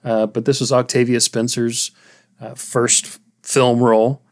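A man's voice: mid-range voice, level tone, unhurried. A man co-hosting a movie podcast, casually reading out film facts and laughing often. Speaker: podcast co-host.

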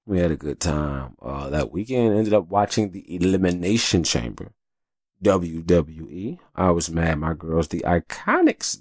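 A man with a very low, gravelly voice talks through a casual podcast monologue full of profanity and asides. His voice sounds dry and close, with little room sound. He talks in his thirties' easy, chatty manner. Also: no echo. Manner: loose, profane and chatty, with frequent "you know what I'm saying". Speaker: podcast host.

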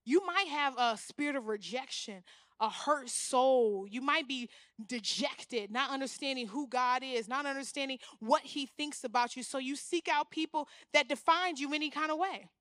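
A young woman preaching a sermon, animated, often acting out the voices she quotes. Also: high voice, normal speed, no echo, clean studio sound. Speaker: guest speaker.

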